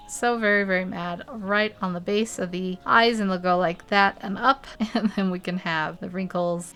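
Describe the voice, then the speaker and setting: A woman talks through a drawing tutorial in a relaxed, chatty way, often breaking into small laughs. Her voice sits in a middle pitch, and she explains each step plainly as she goes. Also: vocal fry. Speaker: art tutorial host. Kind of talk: casual drawing tutorial narration.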